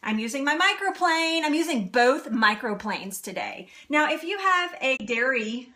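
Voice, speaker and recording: A woman in her thirties hosts a live cooking stream from her home kitchen, talking viewers through a recipe. Her voice is bright and a little high, and she is chatty and giggly, breaking off to answer comments. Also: expressive, normal speed. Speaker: cooking show host.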